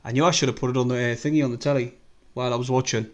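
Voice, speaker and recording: A man's voice: medium pitch, steady tone, racing. A man with a North East English accent chatting casually and rambling through a live stream as a football fan, swearing freely.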